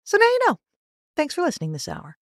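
A woman's voice: sits high, fast, gravelly, no echo, clean studio sound. A woman hosting a classical music radio show, chatty and explanatory as she introduces the pieces. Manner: chatty, explanatory, lively delivery. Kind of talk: radio hosting, scripted announcing.

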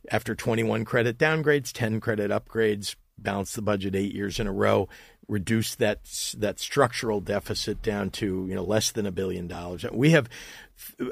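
A man's voice: lowish voice, vocal fry, breathy edge, no room sound, studio quality. A middle-aged man, a state governor, answering interview questions emphatically, often restarting and repeating words.

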